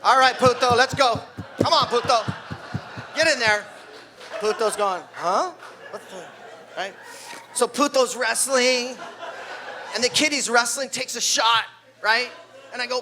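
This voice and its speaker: Older guy in his 60s doing stand-up, high bright voice, acts out the kids. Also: measured pace, long pauses, slight background noise. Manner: animated storyteller, acts out kids' voices. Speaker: wrestling coach doing stand-up. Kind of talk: stand-up comedy at a party. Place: party venue with live audience.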